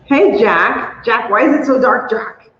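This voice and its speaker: A woman hosting a casual crafting livestream, chatty and excitable, squealing when she is delighted. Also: a little high, unhurried. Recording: roomy, dull lo-fi sound with faint hum.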